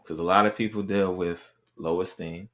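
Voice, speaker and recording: A man's voice: sits low, fairly even intonation, normal speed, fairly bright tone. A man hosting a podcast interview, talking casually and encouragingly, with lots of repeated phrases. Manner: encouraging, repeats affirmations like "right". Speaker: podcast host.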